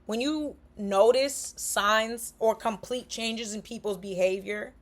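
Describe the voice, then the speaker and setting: A young woman talking frankly and casually to camera, animated and slangy, acting out what people say to each other. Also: on the high side, slow pace. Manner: frank, animated, slangy, acts out quoted remarks. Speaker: vlogger.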